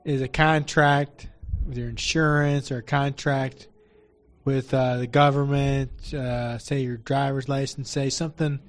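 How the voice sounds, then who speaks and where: A man's voice: medium pitch, little pitch movement, measured pace. A man at a Bible study, asking the group questions, rambling and searching for examples as he goes.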